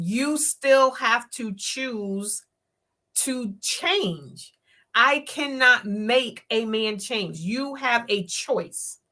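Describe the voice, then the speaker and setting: A woman's voice: a little high, sharp tone. A woman hosting a live-streamed talk show, speaking emphatically and preaching her point, often acting out the words of others. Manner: emphatic, preachy, acts out quotes in voices.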